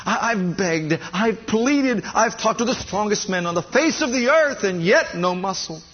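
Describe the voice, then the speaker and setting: A man's voice: high voice, expressive, measured pace, a little hiss or hum, voice pushed up. A preacher voicing a whiny, spiritually weak male churchgoer who pleads and complains. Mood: whiny pleading. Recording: dull lo-fi recording.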